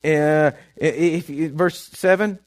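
Male preacher, slightly high voice, stammering repeats, asks the room if they follow. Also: steady tone, slow pace. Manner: keeps asking the congregation if they follow; repeats words when restarting. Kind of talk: sermon.

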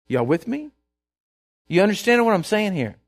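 Guy preaching a sermon, kinda high voice, keeps asking y'all with me, trips over words sometimes. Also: big pitch swings, moderate pace. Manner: keeps asking the congregation if they follow; repeats words when restarting.

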